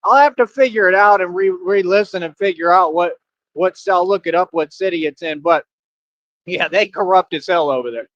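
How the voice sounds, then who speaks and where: High-voiced man, laughing through a stream. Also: moderate pace, fairly bright tone, dry recording, lo-fi sound. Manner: laughs constantly, repeats himself. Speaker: live streamer. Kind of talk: rambling live-stream commentary. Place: walking outdoors.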